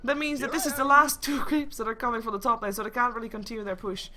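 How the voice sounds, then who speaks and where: A woman's voice: a little high, steady tone, fast, bright, forceful tone, slight background noise. A young woman doing solo live esports commentary, chatty and joking with her stream chat between play calls. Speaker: esports caster.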